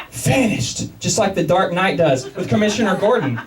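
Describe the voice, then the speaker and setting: A man from Texas performs a stand-up set in a small club, self-mocking and animated. His pitch swings widely from line to line, and he sounds a little distant from the microphone, with the room around him. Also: a little fast. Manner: self-mocking, animated, repeats words when starting sentences. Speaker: stand-up comedian. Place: comedy club basement, live audience.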